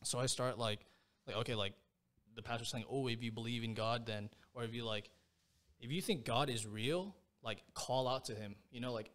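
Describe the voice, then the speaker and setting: A man's voice: on the low side, sharp tone. A young man sits as a guest on a podcast and tells a long personal story in loose, everyday speech. He rambles and circles back, filling his sentences with slangy fillers as if he were talking with close friends. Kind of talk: casual storytelling.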